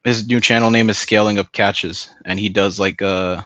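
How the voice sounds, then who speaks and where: A man's voice: on the low side, steady tone, normal speed, fairly bright tone, dry recording. A man chatting casually on a stream, rambling, swearing a lot and laughing often. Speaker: stream host. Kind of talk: casual chat.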